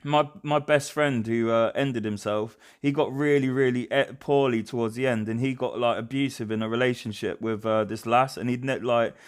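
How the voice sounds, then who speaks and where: Young man, reaction host, hesitant and rambling, smooth clean tone. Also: mid-range voice, fairly even intonation, moderate pace, hardly any pauses. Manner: rambling, hesitant, many fillers and restarts. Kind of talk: casual reaction commentary.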